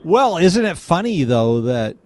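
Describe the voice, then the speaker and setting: A man hosting a call-in radio talk show, chatting with callers and thinking out loud. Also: a little high, sing-song, measured pace, no room sound. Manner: conversational, chatty, muses aloud.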